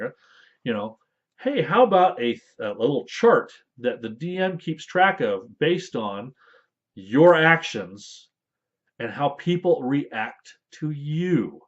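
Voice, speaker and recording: A man's voice: on the high side, very animated, slow pace. A man in casual talk explaining rules for a tabletop game, rambling with fillers and playful asides. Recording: dull lo-fi audio.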